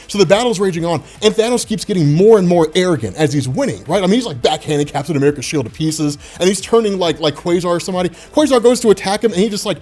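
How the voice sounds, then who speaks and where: A man hosting a comic book channel, talking in excited, rambling casual commentary. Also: sits high, fast talker, few pauses. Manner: hyped, rambling, full of "man" and "dude".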